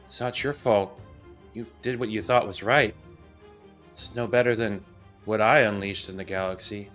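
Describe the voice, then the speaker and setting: A man voicing a sad male friend who softly consoles the hero. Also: lowish voice, steady tone, normal speed, faint music behind, lightly acted. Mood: consoling. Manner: soft, consoling.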